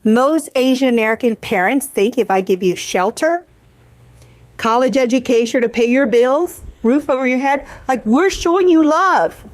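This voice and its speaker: A woman's voice: sits high, moderate pace, no echo. A middle-aged woman speaking as a panelist at a workshop, talking candidly and earnestly in a conversational way, often restarting her sentences. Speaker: panelist, community program leader. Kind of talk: panel discussion talk.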